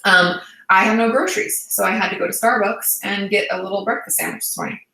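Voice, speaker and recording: A woman's voice: mid-range voice, fast, sharp tone, reverberant, low-quality recording. A woman therapist casually chatting on a livestream, reassuring and full of "um"s and "like"s as she answers viewer questions. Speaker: therapist and channel host.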